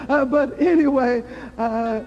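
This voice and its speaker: Slow, mellow older woman preaching. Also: mid-range voice, big-room sound. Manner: earnest storytelling with laughter. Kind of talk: preaching sermon. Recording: dull lo-fi archive recording.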